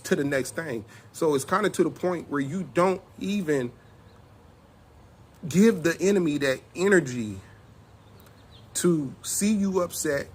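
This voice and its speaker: A middle-aged man, telling a personal testimony in casual, animated speech and acting out both sides of an argument. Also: fairly high pitch, slight background noise. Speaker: self-styled apostle telling a personal testimony.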